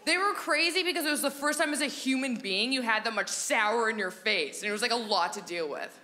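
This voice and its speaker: A woman in her thirties performing a goofy stand-up set on a theatre stage into a handheld microphone, slipping into squeaky and whispery character voices. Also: animated, fairly quick, sharp tone. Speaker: stand-up comedian. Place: comedy theatre stage with audience. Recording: live theatre recording with audience noise.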